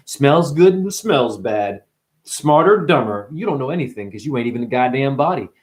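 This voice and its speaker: A man delivering a rambling spiritual monologue, full of swearing, wordplay and sudden swings from muttering to shouting. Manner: profane, wordplay-driven, jumps between wild pitch swings and mutters. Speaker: spiritual speaker.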